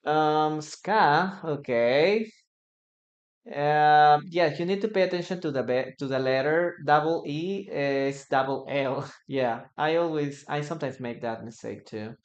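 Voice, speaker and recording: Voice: mid-range voice, a little slow, highs cut off. An English teacher, a native Spanish speaker, giving a live-streamed lesson, repeating example sentences and reading out viewer comments.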